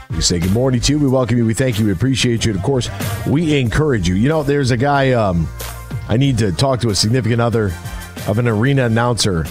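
A man's voice: medium pitch, fast talker, darkish tone, soft background music. A man hosting a sports radio show, rambling casually with many fillers. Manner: chatty, rambling, lots of fillers. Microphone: studio microphone.

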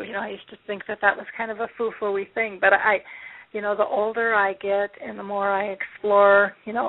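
A woman's voice: mid-range voice, gravelly. A woman hosts a casual interview in a chatty, rambling way, musing aloud as she goes. Her voice comes through a tinny, phone-like line. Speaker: host.

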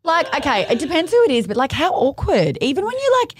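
A woman in her twenties with an Australian accent, co-hosting a podcast, blunt and animated as she tells stories. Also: high voice, quick pace, no room sound. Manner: blunt, animated storytelling, swears freely. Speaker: podcast co-host. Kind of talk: casual chat.

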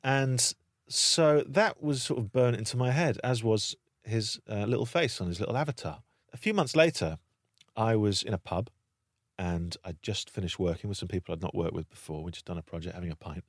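Low-voiced British man telling an animated story. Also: normal speed, dry recording, studio quality. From Britain. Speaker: guest storyteller. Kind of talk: casual anecdote on a podcast.

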